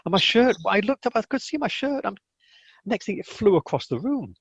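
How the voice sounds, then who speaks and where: A man's voice: sits high, fairly quick, slightly rough, dry recording. Man, interview guest, casual storytelling, acts out quotes, dry, muffled lo-fi. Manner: animated, acts out quotes, many restarts. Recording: dull lo-fi dry recording.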